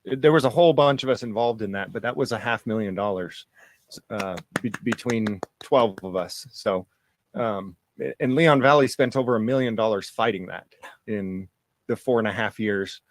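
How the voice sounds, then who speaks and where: A man's voice: fairly low pitch, moderate pace. A man recounting an incident in a casual, easygoing way, laughing off grim events. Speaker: police accountability guest. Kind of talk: casual storytelling.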